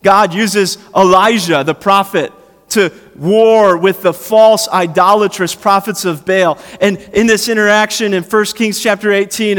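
Brief: male pastor, sermon, high voice, conversational and animated delivery. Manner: conversational preaching, animated, acts out quotes. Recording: long hall reverb.

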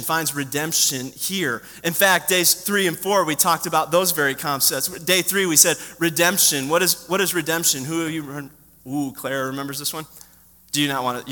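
A man preaching a sermon in a church, telling a lively story and quizzing the children in the pews. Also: a little high. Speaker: pastor. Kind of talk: sermon to a congregation. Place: church sanctuary. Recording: long hall reverb.

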